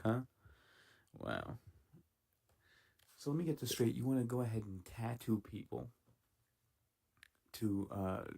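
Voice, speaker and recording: Gravelly sarcastic man commenting. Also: on the low side, a little mellow. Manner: sarcastic, swearing, laughing asides. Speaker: commentator reacting to clips. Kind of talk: casual mocking commentary.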